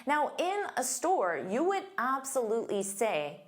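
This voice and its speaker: Slow, careful woman teaching English. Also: a little high, sing-song. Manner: slow, deliberate, clear enunciation. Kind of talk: online English lesson.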